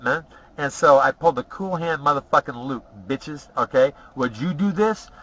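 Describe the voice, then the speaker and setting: A man's voice: fairly high pitch, pushed and bright. A middle-aged man rambling through boastful, profane personal stories, tagging his lines with "okay?". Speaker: storyteller. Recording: dull lo-fi recording.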